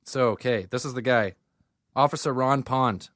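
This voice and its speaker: A man's voice: medium pitch, moderate pace, a bit bright, no room sound, studio quality. A Canadian man co-hosting a podcast, telling a story in a rambling, swearing, casual way. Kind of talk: casual chat.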